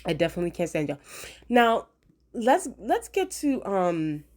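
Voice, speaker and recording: A woman's voice: medium pitch, very animated, measured pace, darkish tone. A woman chatting casually as she reviews a TV episode, slangy and repeating lines for emphasis. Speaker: TV show reviewer.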